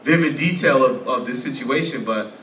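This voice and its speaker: A man interviewing a guest onstage at a live event, quick and interjecting. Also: mid-range voice, a bit bright, a little hiss or hum. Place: live venue stage. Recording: echoey room, distant mic, audience ambience.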